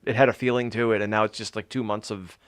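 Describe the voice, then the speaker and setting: A man co-hosting a podcast in a relaxed, conversational chat. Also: on the low side, quick pace, clear, resonant tone, no echo, clean studio sound. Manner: relaxed, conversational, laid-back. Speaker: podcast co-host.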